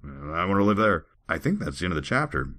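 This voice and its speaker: A man's voice: deep voice, sing-song, quick pace, fairly bright tone. A podcast host, a man, reading scripture aloud and breaking off into wry joking asides in casual chat.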